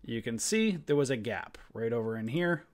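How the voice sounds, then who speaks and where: A man in the middle of his pitch range teaches a live trading session over a screen share, speaking from a desk mic. He is blunt and fired up, ranting with emphasis and dropping mild swears in a casual way. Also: lively intonation, moderate pace. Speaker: trading room host.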